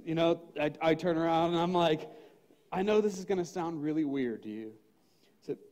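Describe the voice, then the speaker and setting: Middle-aged pastor guy, fairly high voice, chatty animated sermon, laughs a lot and acts out what he was thinking. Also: normal speed. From United States. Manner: conversational and animated, laughing often and acting out his own thoughts in quotes. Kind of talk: spontaneous sermon with personal story.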